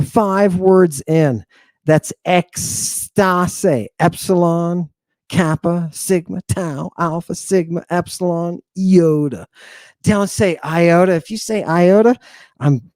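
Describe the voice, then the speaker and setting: A man teaching an informal language lesson in a brash, teasing way, with quick asides to his students. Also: fairly high pitch, darkish tone, dry recording, clean studio sound.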